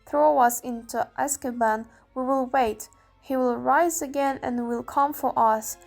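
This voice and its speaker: A fanatical woman prisoner declaims her defiance with pride, as a young woman reads her. The voice is high and unhurried, over faint background music. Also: fairly even intonation, gravelly. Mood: defiant.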